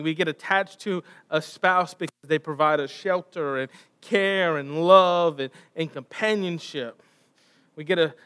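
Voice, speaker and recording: A man's voice: high voice, fairly bright tone, clear, resonant tone. A man preaching a sermon, retelling a Bible story and posing rhetorical questions to his listeners.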